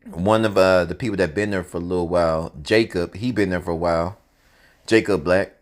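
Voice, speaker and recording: A man tells a story from his own life in a loose, conversational way. He is animated and profane, and he talks straight to the listener. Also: sits low, brisk. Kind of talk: casual spoken storytelling.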